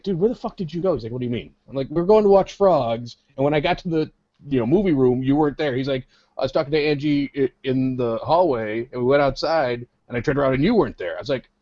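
A man with an average-pitched voice tells a hotel party story, chuckling often and repeating "he's like" as he quotes everyone. The sound is muffled and dry, like a cheap mic close by in a small room. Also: darkish tone, dry recording. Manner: chuckling, keeps quoting others. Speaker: podcast co-host. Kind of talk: casual storytelling chat.

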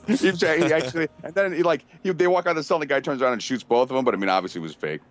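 A man's voice: on the high side, racing. A man hosting a podcast in casual chat, telling crude, rambling stories and acting out quotes. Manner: crude, rambling storyteller who acts out quotes. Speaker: podcast host.

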